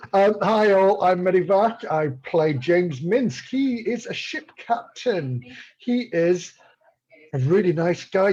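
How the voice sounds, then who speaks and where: Breathy upbeat man, slightly raised voice. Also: a little high, darkish tone, dull audio. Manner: joking, upbeat. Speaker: player. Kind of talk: casual chat.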